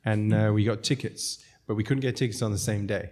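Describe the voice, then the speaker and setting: Low-voiced man telling rambling stories. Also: steady tone, fairly quick, darkish tone. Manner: rambling, laughs between sentences. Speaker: podcast guest. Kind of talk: casual storytelling.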